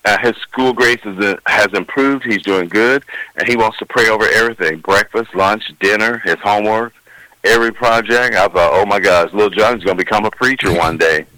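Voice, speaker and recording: A bright, forward-voiced older man with a drawl, spinning homespun stories as a professional Santa. The recording is dry and close, with little room sound. He talks in a folksy, rambling way, full of small restarts. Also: lowish voice, brisk, no echo, low-quality recording. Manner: folksy storyteller, acts out children's voices. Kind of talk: interview answers, anecdotes.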